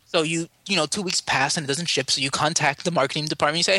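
Male podcast co-host, bright and dry, lively storyteller who acts out the people he quotes. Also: on the high side, fast, no echo. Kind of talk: casual podcast chat.

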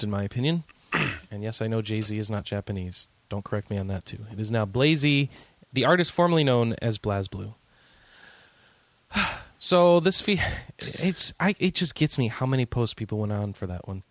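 A man's voice: on the low side, expressive, normal speed, dry recording. A man hosting a gaming podcast in casual chat, joking and rambling, laughing easily. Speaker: podcast host.

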